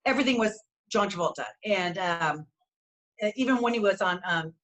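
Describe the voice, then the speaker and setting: A woman's voice: mid-range voice, lively intonation, normal speed, fairly bright tone. A middle-aged woman co-hosting a casual talk show, telling stories in an effusive, rambling way. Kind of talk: casual chat.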